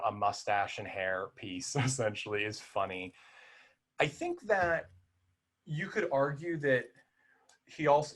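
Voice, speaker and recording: A man co-hosting a film podcast, talking casually and with animation, full of restarts and fillers. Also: mid-range voice. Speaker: podcast co-host.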